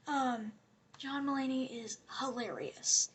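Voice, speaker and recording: Woman vlogger, high airy voice, rambling sarcastic rant that slips into whispers. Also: steady tone, slow, slightly rough. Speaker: commentary vlogger. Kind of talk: casual rant commentary.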